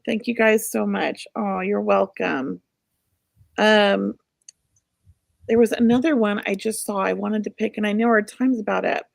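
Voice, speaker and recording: A woman's voice: medium pitch, vocal fry, dry recording, clean studio sound. A middle-aged woman co-hosting a show, giving casual spirit readings in an emotional, rambling way. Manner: emotional, warm-hearted, rambling. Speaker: psychic medium co-host.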